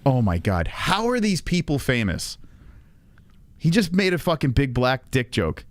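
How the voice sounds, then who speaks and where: Lively, crude man mocking a clip. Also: medium pitch, a little slow. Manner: crude, mocking, laughs often. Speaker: livestream host. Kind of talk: casual reaction commentary.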